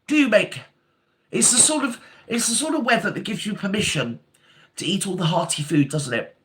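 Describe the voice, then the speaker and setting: An older woman, hosting a casual live chat, reading out viewer comments and calling them darling. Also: on the low side. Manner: chatty, calls viewers darling and sweetheart.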